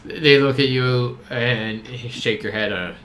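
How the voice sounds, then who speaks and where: A man running a tabletop game as game master, narrating in a relaxed, rambling way with fillers. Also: mid-range voice, slow, slight background noise.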